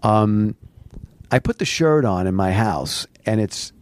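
A man telling a long story as a podcast guest, animated and full of restarts, recorded in a studio late at night. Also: fairly low pitch, slow pace. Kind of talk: casual storytelling.

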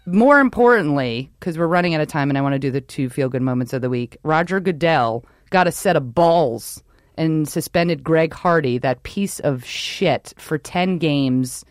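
A woman from New York co-hosting a podcast, chatting about sports in an excitable, rambling way that keeps breaking off mid-thought. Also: sits low, normal speed, no echo, studio quality. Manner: rambling, excitable, self-interrupting. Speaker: podcast co-host. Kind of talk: casual sports chat.

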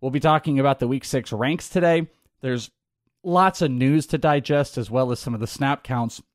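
A man's voice: medium pitch, moderate pace, no echo, clean studio sound. A man hosting a sports podcast, upbeat and joking in casual chat. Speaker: podcast host.

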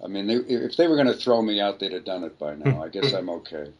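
A man's voice: deep voice, expressive, quick pace, lo-fi sound, a crowd in the background. Older man telling rambling, self-deprecating stories. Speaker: voice actor guest. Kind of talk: casual interview storytelling.

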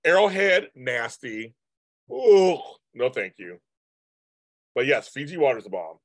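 A man in his fifties rambles through a casual live stream and answers viewers' comments as they come in. His pitch swings widely, up and down, as he talks. The sound is dry and close, with no room echo. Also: sing-song, unhurried. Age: 50s.

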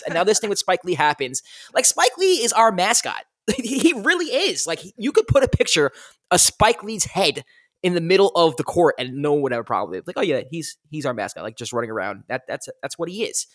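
A man's voice: high-pitched, very animated, fairly quick, fairly bright tone, dry recording, studio quality. A man hosting a sports podcast, ranting in casual chat as an exasperated fan. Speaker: podcast host.

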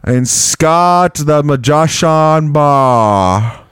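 A man's voice: on the high side, expressive, very slow, a bit bright, clean tone, dry recording, clean studio sound. A man hosting a podcast in casual, joking banter with his co-hosts. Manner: loose, joking, swears casually. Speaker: podcast host.

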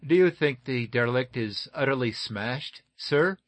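A man's voice: medium pitch, animated, a little slow. A man voicing a decisive young male submarine captain who gives commanding orders. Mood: respectful.

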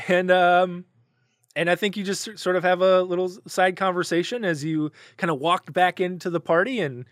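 Casual male GM; fairly high pitch, dry close sound, loose and filler-heavy. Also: steady tone, moderate pace, dry recording. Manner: loose and rambling, full of fillers like "kinda". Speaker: game master. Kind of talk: narrating a tabletop game.

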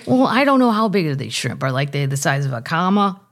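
A woman with a lowish voice hosts a casual comedy podcast. She reads news items aloud and keeps breaking off into jokey asides. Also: very animated, fairly quick, vocal fry. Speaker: podcast host.

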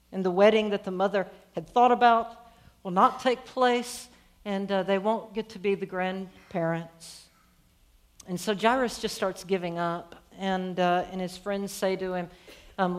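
A woman preacher tells a story in a lively, conversational sermon. She keeps turning to her audience with questions, with an everyday, mid-range voice. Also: mid-range voice.

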